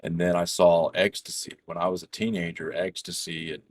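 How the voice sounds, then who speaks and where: A man's voice: low-pitched, level tone, moderate pace, dry recording. A middle-aged man chatting casually over voice chat while gaming, telling stories in a rambling, profane way full of restarts. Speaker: gamer chatting with a friend.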